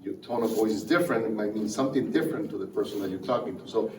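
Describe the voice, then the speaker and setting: A man's voice: fairly low pitch, racing. A man in the audience asking a hesitant question, restarting his words. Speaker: audience member. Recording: distant roomy audience mic, noise.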